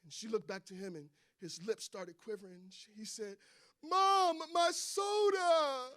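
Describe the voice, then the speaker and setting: A preacher delivering a sermon, telling stories in a conversational way and building to emphatic declarations. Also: male voice, high voice, brisk.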